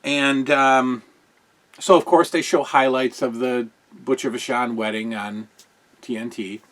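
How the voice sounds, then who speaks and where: A middle-aged man talks loosely through a casual review of old wrestling shows, his voice sitting at an ordinary pitch. He rambles and gets excitable, breaking off his sentences and starting over. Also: unhurried. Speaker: podcast host.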